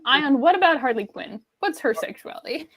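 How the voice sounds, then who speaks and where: A woman chatting casually as a podcast co-host, joking and quick to laugh. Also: sits high, expressive, a bit bright. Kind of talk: casual chat.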